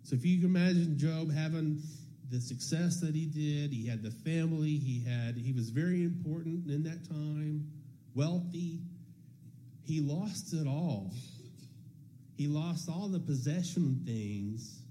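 Dark-voiced man giving a testimony. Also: on the high side, unhurried. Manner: conversational storytelling, acting out quoted dialogue. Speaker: church member sharing testimony. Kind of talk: personal testimony.

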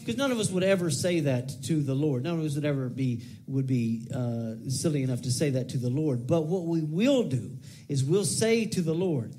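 A man's voice: a little high, a little fast, dark tone. A man in his thirties preaching a casual, conversational sermon, often repeating phrases and breaking into whiny acted-out prayers. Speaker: pastor.

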